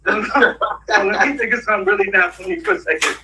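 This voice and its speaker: High bright-voiced guy rambling casually, laughs a lot, sits a little off the mic. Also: steady tone, fast talker, recorded from a distance, noisy background. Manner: rambling, laughs often mid-story. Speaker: interview guest.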